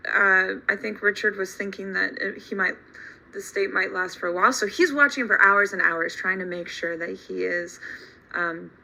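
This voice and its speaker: A woman teacher telling a story to her class in an animated, emphatic way. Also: medium pitch, low-quality recording. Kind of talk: storytelling lesson.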